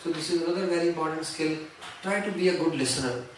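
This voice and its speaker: Man, high voice, earnest seminar speaker, very echoey hall, distant mic. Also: fast talker, slight background noise. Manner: earnest, advising, tells stories. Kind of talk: devotional seminar talk.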